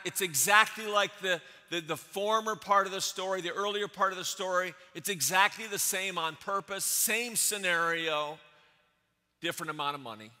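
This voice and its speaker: A man preaches in a church with a sharp, bright voice that sits a little higher than most men's. He drives his points home with repeated phrases and lets his volume rise and drop. A long reverb hangs after each line in the large sanctuary. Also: moderate pace. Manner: emphatic preaching with repeated phrases and swings in loudness. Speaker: pastor. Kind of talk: sermon.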